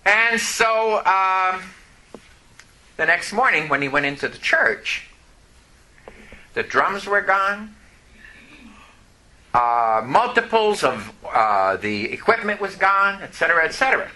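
Male preacher, sermon, very bright and tense voice, echoey hall. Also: high-pitched, very animated, slow, pauses often. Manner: storytelling, rising to loud impassioned outbursts. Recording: echoey room.

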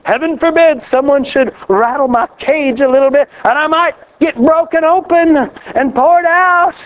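A man preaching a sermon in a folksy, animated way, laughing often and rising on exclamations. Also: very high voice, moderate pace. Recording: dull lo-fi recording.

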